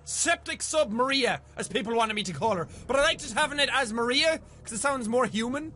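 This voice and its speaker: Excitable young male gamer, very high bright voice, swears a lot, talks to the game. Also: fairly quick, slight background noise. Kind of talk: let's play commentary.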